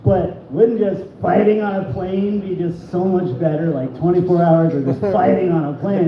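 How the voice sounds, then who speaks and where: A man's voice: high voice, steady tone, moderate pace, hardly any pauses, recorded from a distance. A man performing a crude stand-up comedy set, laughing at his own jokes. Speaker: stand-up comic. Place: small comedy venue. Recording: echoey dull room recording.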